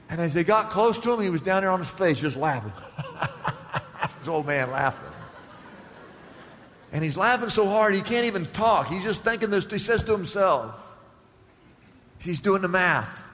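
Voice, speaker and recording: Man, pastor, high bright voice, animated sermon, long hall reverb. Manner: animated, acts out voices of the Bible figures.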